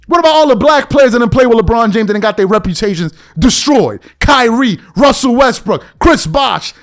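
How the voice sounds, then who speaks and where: A married man hosting a commentary show, ranting bluntly and with exasperation in slangy, repetitive speech. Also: very high voice. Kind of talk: heated opinion rant.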